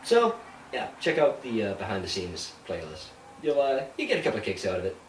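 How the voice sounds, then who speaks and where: A man's voice: lowish voice, wildly swooping pitch, a little fast, a little hiss or hum. A man co-hosting a casual podcast, rambling and restarting sentences, laughing easily. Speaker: podcast co-host. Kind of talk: casual chat. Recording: roomy, distant mic with faint ambience.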